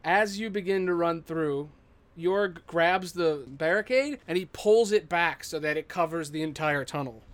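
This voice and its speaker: A man's voice: fairly high pitch, unhurried. A man running a tabletop game as game master, narrating casually with swearing and fillers.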